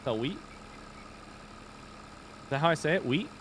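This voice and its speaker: A man's voice: fairly high pitch, lively intonation, unhurried, noisy background. Easygoing man with an Indiana accent. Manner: thinks aloud, reads chat, chatty and easygoing. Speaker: streamer. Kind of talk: casual live-stream chat while gaming.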